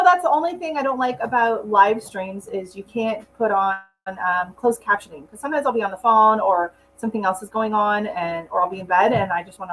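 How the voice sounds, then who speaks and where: A middle-aged woman hosting a gardening live stream from home, talking in a loose, rambling way as she works. Her voice sits at an ordinary middle pitch, with a faint hum running underneath. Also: fairly bright tone, rough recording. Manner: chatty and rambling, talks to her dog between tasks. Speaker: gardening channel host. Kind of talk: casual live-stream chat while potting plants. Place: at home indoors.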